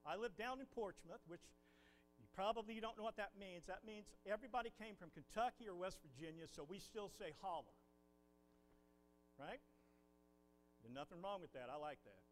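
A man's voice: high-pitched, long reverb tail, a little hiss or hum, poor audio. A man from Ohio preaching a sermon from the pulpit, telling folksy stories. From Ohio, USA. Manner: folksy storytelling, animated. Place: church pulpit.

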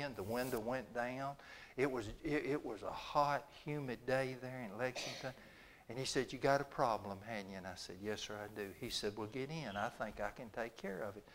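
Older preacher guy spinning a yarn, mid pitch, a little hiss in the background. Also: a bit bright. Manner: folksy, chatty storytelling with quoted dialogue. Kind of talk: storytelling sermon.

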